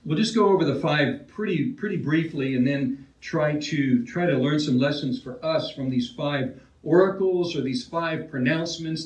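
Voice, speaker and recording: A man preaching with a fairly high voice and an easy, conversational delivery. He restarts his phrases and asks his listeners questions as he goes. He is heard from some distance in a roomy, echoing church hall. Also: moderate pace, muffled recording. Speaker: pastor. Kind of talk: expository sermon.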